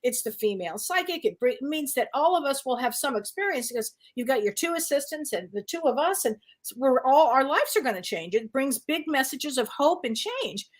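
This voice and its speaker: A high-voiced woman tells a story with lots of energy and frequent laughter. She speaks as a psychic medium co-hosting a casual talk show. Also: sing-song, a little fast, few pauses.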